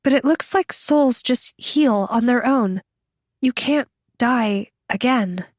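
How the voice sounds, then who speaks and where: A woman's voice: fairly high pitch, takes it slowly, no room sound, clean studio sound, pitched above the performer's own voice. A woman voicing a teenage girl in a small voice. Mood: remorseful. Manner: small, hushed voice. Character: guilt-ridden teenage girl, quiet and shaky.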